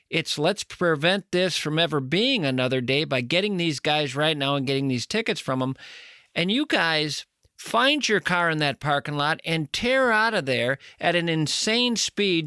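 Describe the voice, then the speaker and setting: A male podcast host, measured and reflective, retelling a guest's story. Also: fairly high pitch, pushed and bright, dry recording, clean studio sound. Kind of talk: interview commentary.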